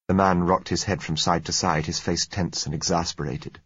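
A man narrating a novel in the first person, measured and understated. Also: low-pitched, steady tone, fairly bright tone, slightly rough, no echo. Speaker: audiobook narrator. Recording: dull, dry lo-fi recording.

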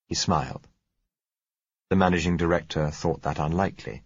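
Low, husky male audiobook narrator. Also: moderate pace, no room sound, highs cut off.

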